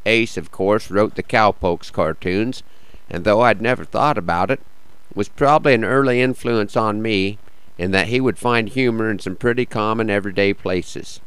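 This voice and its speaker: Easygoing man with a smooth, low voice. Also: normal speed, a bit bright, dry recording, poor audio. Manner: dry, easygoing humor. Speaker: radio host introducing a guest. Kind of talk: casual spoken introduction.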